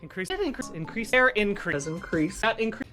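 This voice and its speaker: Animated man in choppy word clips. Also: high voice, a little fast. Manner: animated, jumpy delivery shifting loud and soft. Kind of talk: rapid supercut of clipped single words. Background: background music.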